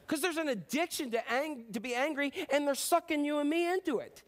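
A man in his fifties preaching a sermon in a conversational, joking way, slipping into quick impressions. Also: very high-pitched. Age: 50s. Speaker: pastor.

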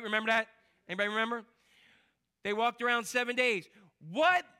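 A man preaching a lively, joking sermon in church and quizzing the congregation. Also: sits high, smooth. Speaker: pastor.

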